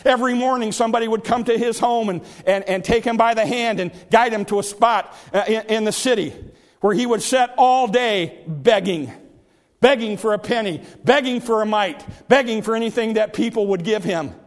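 A man's voice: sits high, normal speed. A man preaching a sermon with passion, repeating his phrases and crying out as he acts out the scripture stories. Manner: impassioned preaching, repeats phrases, cries out in acted quotes.

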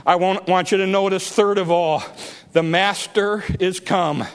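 A male preacher delivering a dramatic sermon, building to shouts and repeating phrases for emphasis. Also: high voice, steady tone, measured pace, clear, resonant tone, in a large hall.

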